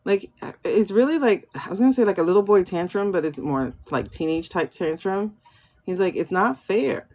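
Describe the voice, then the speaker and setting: A woman's voice: on the low side, moderate pace, mellow, muffled recording. Chatty woman doing a livestream reading. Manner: muses aloud, asks herself questions and answers them; chatty, thanks viewers by name. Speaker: tarot and pendulum reader, livestream host. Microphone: phone livestream.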